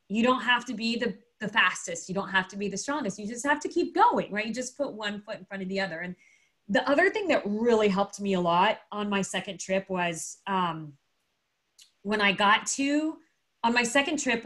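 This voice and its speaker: A woman speaking as an interview guest, telling a story in a casual, animated way, acting out quotes and using lots of fillers. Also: medium pitch.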